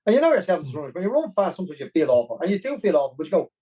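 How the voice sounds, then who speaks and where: Animated Dublin man telling a story. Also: high voice, racing, breathy edge, highs cut off. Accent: Irish, Dublin. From Ireland. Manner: animated, rambling, with many restarts. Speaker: podcast guest, marathon runner. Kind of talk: casual storytelling.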